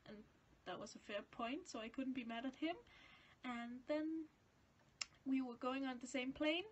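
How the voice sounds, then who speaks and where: A teenage girl from Denmark with a high, light voice tells a story to camera in casual English. She speaks it as a second language. Her chatty, rambling way of talking pokes fun at herself. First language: Danish. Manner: chatty, self-deprecating, rambling. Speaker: vlogger.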